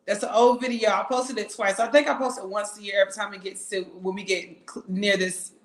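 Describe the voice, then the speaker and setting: A woman's voice: mid-range voice, brisk, roomy sound, over a noisy crowd. A young woman singer from Atlanta, chatting candidly and emphatically as a podcast guest. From Atlanta, Georgia. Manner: lively, emphatic and candid, with frequent laughs. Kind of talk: casual interview chat.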